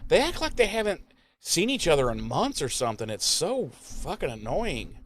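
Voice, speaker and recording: A man's voice: on the high side, huge pitch swings, slight background noise. A man co-hosting a podcast, giving a casual, profane, rambling recap of a TV episode and briefly mimicking the characters. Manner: profane, rambling recap with quick mock voices. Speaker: podcast co-host.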